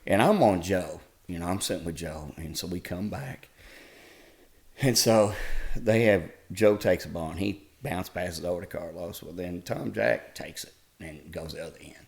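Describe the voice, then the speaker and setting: Middle-aged male guest, very low gravelly voice, folksy storyteller. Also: normal speed. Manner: folksy, animated retelling with laughs. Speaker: podcast guest. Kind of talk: casual storytelling.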